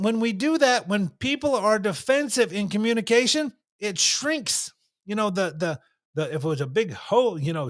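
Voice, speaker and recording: Lively high-voiced man teaching communication. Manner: animated, repeats points, acts out quotes. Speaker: communication speaker. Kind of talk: casual talk on communication.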